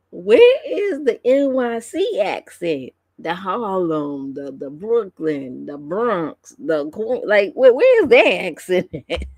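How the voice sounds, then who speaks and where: A woman's voice: medium pitch, darkish tone, no echo. A woman streamer chatting casually on a live stream, gossiping and laughing often as she reacts to online drama. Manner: gossipy, laughs often, drawn-out slangy commentary.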